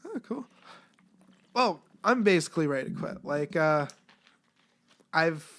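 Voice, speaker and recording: A man's voice: fairly high pitch, lively intonation, measured pace, a bit bright. A man chatting as a guest on a casual podcast, blunt and laid-back, swearing freely.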